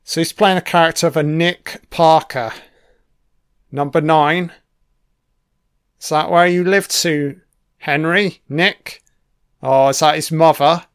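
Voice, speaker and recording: A man's voice: a little high, fairly even intonation, slow pace, pauses often, clean tone. A man giving a casual running commentary on a film. He swears constantly and makes wry, offhand remarks.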